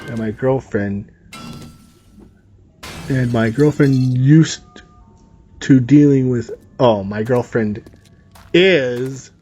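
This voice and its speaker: With a warm, medium-pitched voice, a man reads a story out loud during gameplay, reacting along the way with sarcastic asides full of profanity.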